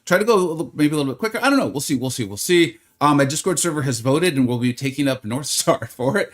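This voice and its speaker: A man's voice: on the high side, lively intonation, quick pace. A man streaming a game live, chatting casually and greeting viewers by name in a rambling, friendly way. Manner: rambling, with many fillers.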